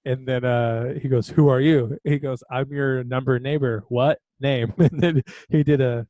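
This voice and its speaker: A man's voice: medium pitch, fairly even intonation, unhurried, warm tone, dry recording. A man co-hosting a podcast, telling a story in a loose, laughing way with lots of fillers. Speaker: podcast co-host. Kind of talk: casual chat.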